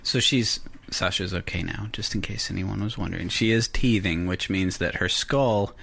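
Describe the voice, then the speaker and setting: A man in his thirties casually telling a story to a friend, animated and acting out the voices he quotes. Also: deep voice, normal speed, gravelly. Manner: animated, acts out voices when quoting. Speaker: podcast host telling a story.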